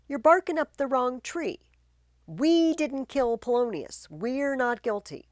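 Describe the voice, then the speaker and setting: A woman's voice: high-pitched, lively intonation, takes it slowly, no room sound, voice pushed up. A woman reading the part of an indignant queen, scornful in declaimed verse. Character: indignant queen defending her husband.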